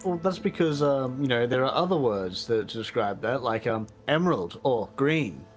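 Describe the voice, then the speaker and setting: A man's voice: mid-range voice, lively intonation, moderate pace, faint music behind. Man explaining things casually. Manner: explanatory, hesitant with fillers. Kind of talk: casual gaming chat.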